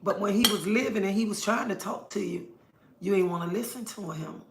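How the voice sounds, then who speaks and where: Middle-aged woman, livestream host, earnest and preachy, repeats herself, gravelly voice in a roomy space. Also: mid-range voice, brisk, background noise. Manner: earnest, preachy, repeats her points for emphasis. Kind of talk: casual livestream monologue. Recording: roomy echo.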